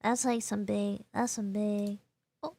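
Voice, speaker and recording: A woman's voice: mid-range voice, flat delivery, measured pace, creaky, mellow. A woman with a Texas accent chatting casually on a live stream. She laughs often, answers chat and restarts her sentences, and her nose is a little stuffy. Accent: Texan. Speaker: VTuber streamer.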